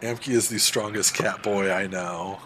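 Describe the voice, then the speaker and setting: A man's voice: on the low side, moderate pace, a little hiss or hum. A man streaming a game from his desk at home, chatting casually and answering viewers as he plays. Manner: chatty, reads and answers chat, animated. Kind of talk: casual game livestream chat. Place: home room at a standing desk. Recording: faint music behind the voice.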